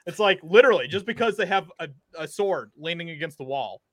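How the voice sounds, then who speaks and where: A man's voice: on the high side, animated, fairly quick, dry recording, clean studio sound. A man co-hosting a casual chat, agreeing often, laughing, and mocking what he dislikes. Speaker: podcast co-host.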